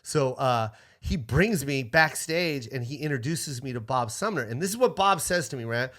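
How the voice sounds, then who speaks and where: A middle-aged man, a comedian guest, telling a story in a lively, profane way and acting out other people's lines. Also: medium pitch, moderate pace. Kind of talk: casual storytelling.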